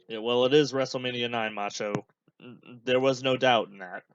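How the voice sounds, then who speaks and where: A man's voice: medium pitch, normal speed, muffled recording, slight background noise. Man doing casual running commentary. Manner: relaxed, offhand running remarks. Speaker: podcast host. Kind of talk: casual live commentary while watching a match.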